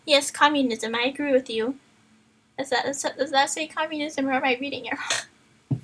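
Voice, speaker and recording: A woman streamer reading a book aloud on a live stream, often breaking off to chat and joke. Her voice sits high and sounds bright. She rambles and stumbles over words as she reads. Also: normal speed, rough recording. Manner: playful, chatty, loses her place in the text. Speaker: streamer, reader.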